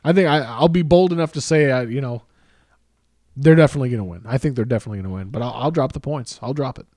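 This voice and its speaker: A man's voice: mid-range voice, fast, a little mellow, no echo, studio quality. A man co-hosting a casual sports chat, blunt and opinionated, often repeating himself as he makes his picks. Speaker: podcast co-host.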